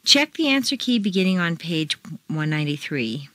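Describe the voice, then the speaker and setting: A woman with an American accent reads a pronunciation lesson, taking her time and enunciating every word with care. Her voice is fairly low and swings through a lively pitch range. The sound is dry and close, with no room echo. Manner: deliberate, clearly enunciated drill delivery. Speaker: pronunciation teacher. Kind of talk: scripted language lesson audio.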